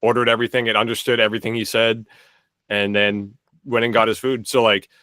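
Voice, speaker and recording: Rambling young man with a bright, dry voice. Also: on the low side, little pitch movement, a little fast, no room sound. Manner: rambling, many "like" fillers and restarts. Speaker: podcast co-host. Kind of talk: casual chat.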